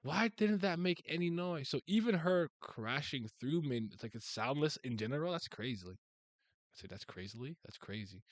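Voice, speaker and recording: A man's voice: fairly high pitch, moderate pace, dry recording. Laid-back man riffing on manga. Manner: animated, slangy, laughs often, thinks aloud. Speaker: manga reaction streamer. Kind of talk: casual live reaction while reading manga.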